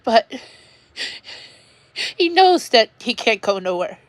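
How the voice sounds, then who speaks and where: Very animated yet slow, a woman's fairly high voice drives a rambling, upset livestream from home where she often restarts her sentences. It's an emotional personal monologue, recorded with no room sound.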